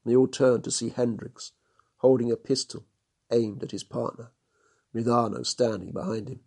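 A man narrating a storybook chapter in a steady, measured reading. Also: mid-range voice, gravelly.

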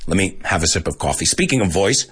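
A man teaching English vocabulary in a casual, animated lesson, mixing English with Spanish and laughing often. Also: sits low, fast, a little hiss or hum.

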